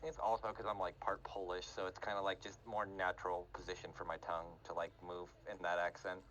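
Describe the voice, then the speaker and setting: A man's voice: deep voice, flat delivery, brisk, fairly bright tone, rough recording. A man chatting casually with his gaming group, rambling and self-deprecating, with fillers and laughs. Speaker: player in tabletop game group. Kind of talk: casual chat after a session.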